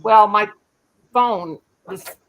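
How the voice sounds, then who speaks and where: A woman's voice: mid-range voice, very slow, low-quality recording. An older woman chatting casually on a live stream, rambling with easy laughs.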